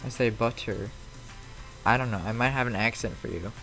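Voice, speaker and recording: A man's voice: mid-range voice, normal speed, creaky, fairly bright tone, soft background music. Man chatting casually on a live stream. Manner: rambling, answers chat messages aloud. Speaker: flight sim live streamer. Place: at home.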